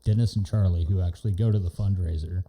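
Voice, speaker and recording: A man's voice: deep voice, fairly even intonation, fast, dark tone. A man hosting a casual studio chat, teasing and throwing in crude wisecracks. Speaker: podcast host, older brother. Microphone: studio microphone.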